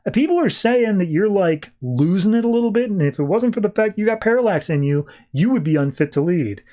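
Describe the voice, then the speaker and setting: A man's voice: sits high, animated, brisk, dark tone, pitched above the performer's own voice. A man voicing a brash, blustering alien soldier in a casual comic recap, complaining in slangy, indignant bursts.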